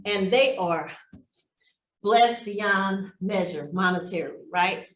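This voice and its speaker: A woman's voice: mid-range voice, slow pace. A woman teaching a real estate class, telling heartfelt stories about giving back. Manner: heartfelt, storytelling, speaks of blessing and giving. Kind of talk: motivational class talk. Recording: echoey room.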